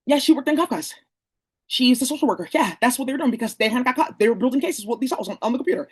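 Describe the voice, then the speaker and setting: Bay Area speaker, husky voice, rushed rambling rant, slangy and profane, direct-to-camera monologue. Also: high voice, expressive, low-quality recording. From San Francisco Bay Area.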